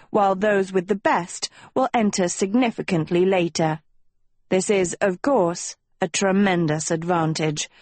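A woman's voice: mid-range voice, darkish tone, no echo, natural voice. A woman voicing a pompous talking dog who reads out school rules in a formal, lecturing way. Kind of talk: audiobook character voice.

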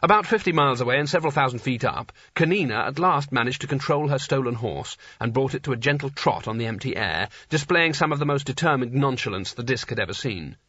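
A man reading a story aloud as an audiobook narrator, in a dry, even storytelling manner. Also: medium pitch, fast, few pauses, slightly rough, no echo. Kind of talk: scripted narration. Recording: slightly dull lo-fi recording.

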